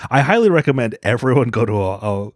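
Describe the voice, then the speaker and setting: A male comedian telling stories in a casual podcast chat, blunt and animated, often acting out other people's voices. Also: medium pitch, fast, no echo, studio quality.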